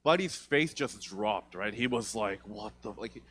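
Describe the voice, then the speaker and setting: Profane, rambling young stand-up comic. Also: male voice, fairly low pitch, expressive, a little slow, fairly bright tone, slight background noise. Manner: profane, rambling, self-mocking. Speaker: stand-up comedian. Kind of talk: stand-up comedy. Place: theatre stage.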